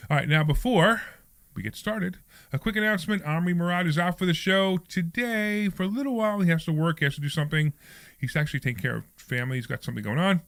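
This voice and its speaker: A man hosting a radio talk show, joking fast and animatedly with his co-host in the studio. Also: on the high side, a bit bright, no room sound. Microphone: studio microphone.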